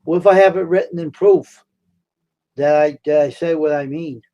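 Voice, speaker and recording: An American man hosts a casual live stream and chats directly with viewers who type in. His voice sits a touch high for a man. He circles back over the same words, turns heated, then eases people down with reassurance. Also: moderate pace, muffled recording. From United States. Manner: talks back to chat, repeats himself, heated then soothing.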